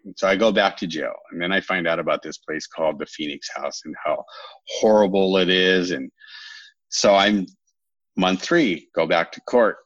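A man in his thirties with a very low voice, recounting his past in a rambling, candid way, stopping to correct himself and adding wry asides. The recording is dry, with a slightly muffled, dull tone. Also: normal speed, fairly bright tone, dry recording. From California. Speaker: podcast guest. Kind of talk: candid storytelling interview.

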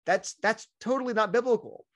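A middle-aged man with a voice sitting somewhat above the usual male range talks through his answer in a lively, conversational way. He often slips into brief acted-out quotes of other people. The tone stays that of an engaged interview guest. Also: sits high, brisk. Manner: animated, acts out quoted voices. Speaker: guest speaker.

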